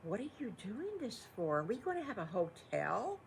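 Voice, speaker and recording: A woman's voice: mid-range voice, very animated, moderate pace, vocal fry, a little hiss or hum, voice pushed up. An older woman voicing a sensible, teasing farmer's wife in a storybook, speaking plainly.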